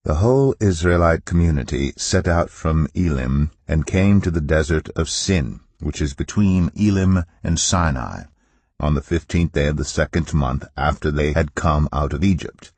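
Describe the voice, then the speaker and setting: Deep husky man reading scripture. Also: normal speed, a little mellow, dry recording. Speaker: Bible reader.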